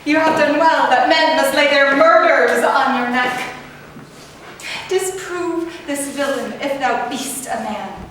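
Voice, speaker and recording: Woman playing a fierce loyal maid, high voice, crying out in verse, echoey hall, mic far off. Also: slow, fairly bright tone, slight background noise. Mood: furious. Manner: impassioned, cries out and scolds in verse. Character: outspoken loyal lady's maid, fierce and grieving. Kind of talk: live stage Shakespeare performance.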